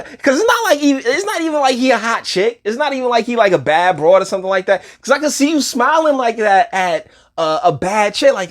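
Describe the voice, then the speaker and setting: A man's voice: sits high, big pitch swings, moderate pace, few pauses. Rambling, slangy man riffing on a clip. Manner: rambling, slangy, laughing asides. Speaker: video commentator. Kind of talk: casual reaction commentary.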